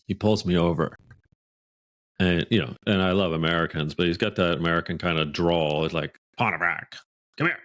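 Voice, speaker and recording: A Canadian man, a podcast guest, telling a workplace anecdote in a lively, animated way. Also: low voice, fairly quick. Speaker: guest author. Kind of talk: podcast storytelling.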